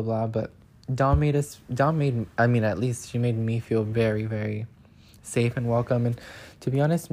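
A young man chatting casually in a vlog, telling a story with lots of filler words and acting out quotes in a higher voice. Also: warm tone. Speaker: vlogger.

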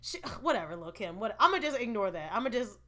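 Chatty bright-voiced woman vlogger. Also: a little high, big pitch swings, fast talker. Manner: chatty, opinionated, laughing asides. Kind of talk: casual entertainment recap.

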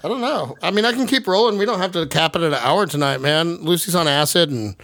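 A fast-talking young podcast host with a fairly high, slightly bright voice tells stories over a video call in casual chat. He laughs and swears freely, and the recording is dry, with clean studio sound.

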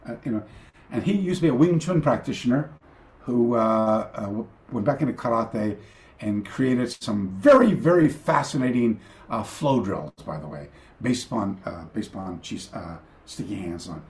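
A man's voice: mid-range voice, expressive, moderate pace. An older man, a karate teacher, telling long anecdotes in a casual interview over a video call, with many restarts and acted-out quotes.

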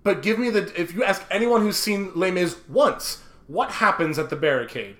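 A man's voice: high voice, lively intonation, moderate pace, a bit bright, reverberant. A man co-hosting a casual chat, wry and chatty with frequent laughs. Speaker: podcast co-host. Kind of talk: casual chat recapping a film musical.

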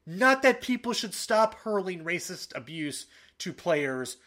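Animated man hosting a soccer podcast. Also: high voice, a little slow. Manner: animated, fired-up, with frequent fillers and restarts. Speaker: podcast co-host. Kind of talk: casual sports podcast talk.

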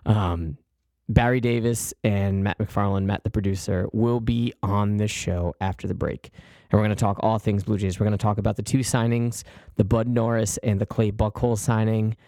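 A man's voice: lowish voice, fairly even intonation, moderate pace, dark tone, dry recording. Man, podcast host, casual sports talk, upbeat, dry close sound.

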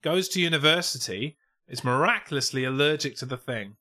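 A man's voice: medium pitch, expressive, fairly quick, sharp tone. A man co-hosting a comedy podcast, reading out a post with dry sarcasm. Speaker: podcast co-host. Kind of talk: casual comedy chat.

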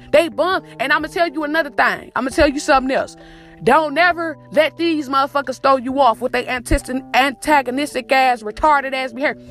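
A woman with a high voice preaches a profane pep talk to her listener, circling back on the same phrases again and again. She calls the listener "my baby" and talks like a podcast host. Faint music plays behind her. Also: a bit bright. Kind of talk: motivational monologue.

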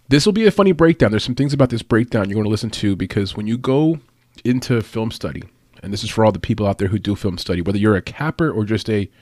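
A man's voice: lowish voice, darkish tone, no room sound, clean studio sound. A man hosting a casual sports breakdown show, chatty and upbeat, laughing at his own asides. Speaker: MMA podcast host.

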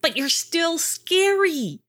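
A noisy, excitable young boy from a children's storybook, voiced by a woman. His voice jumps up high and bounces with excitement, swinging widely in pitch. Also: takes it slowly, full character voice. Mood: excited.

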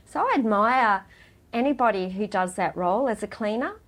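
A middle-aged woman speaks as an interview guest, her voice sitting at an ordinary middle pitch. She talks in a heartfelt, halting way, often restarting her sentences. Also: lively intonation, slightly rough. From Australia. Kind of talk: emotional personal interview.

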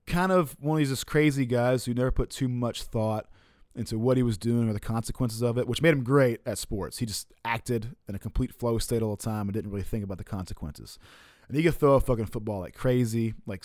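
Man, adult, casual storyteller, profane and laughing, mid pitch, dry recording. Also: no room sound. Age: adult, looking back on his college years. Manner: relaxed and profane, with frequent laughs and fillers.

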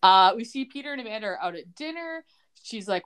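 A woman's voice: medium pitch, very animated, quick pace, fairly bright tone, clear, resonant tone. A woman co-hosting a podcast, casually recapping TV scenes and laughing often. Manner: acts out quoted lines, laughs often. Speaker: podcast co-host recapping a TV show. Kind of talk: casual chat, retelling scenes.

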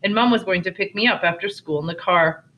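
A teacher reading a novel aloud to children, pausing to explain the story, on a dull lo-fi recording. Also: mid-range voice.

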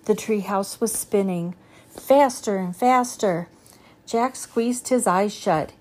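A woman reading a children's chapter book aloud in a steady storytelling manner. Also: medium pitch, slow pace. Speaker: reader.

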